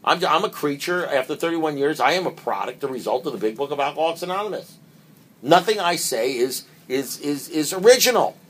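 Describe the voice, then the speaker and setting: An older man speaking at a recovery meeting, talking conversationally, repeating his words and moving between quiet asides and emphatic points. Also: a little high, animated, brisk.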